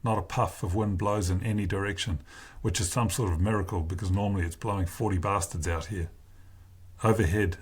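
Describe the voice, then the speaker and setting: Low husky guy narrating a story, slow and deliberate. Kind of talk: first-person novel reading.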